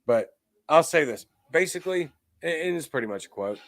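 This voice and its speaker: A man's voice: mid-range voice, measured pace, long pauses, no echo. A man hosting a political commentary show, ranting emphatically and reading out viewer comments. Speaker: host.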